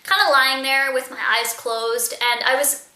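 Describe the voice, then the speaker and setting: A woman's voice: high-pitched, fairly even intonation, measured pace, sharp tone. A young woman telling a story in a casual, chatty vlog, with lots of fillers. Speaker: vlogger. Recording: echoey room.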